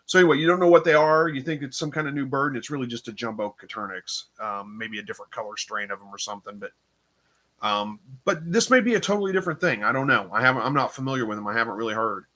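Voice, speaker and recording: Though tired and yawning, this man speaks fast and animatedly in a medium-pitched, pushed, bright voice. Hosting a casual livestream, he reads viewer comments and wanders uncertainly through answers full of fillers.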